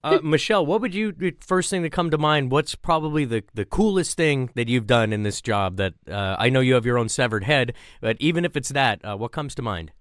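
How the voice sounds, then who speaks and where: Smooth-voiced man hosting an interview. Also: medium pitch, animated, a little fast, few pauses, dry recording, studio quality. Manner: friendly, rambling questions. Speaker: podcast host. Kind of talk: casual interview.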